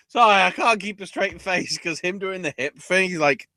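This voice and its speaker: A man co-hosting a casual wrestling recap podcast, excitable and profane, often laughing. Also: high voice, moderate pace, hardly any pauses, dry recording. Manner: excitable, profane, breaks into laughter and mock voices. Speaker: podcast co-host.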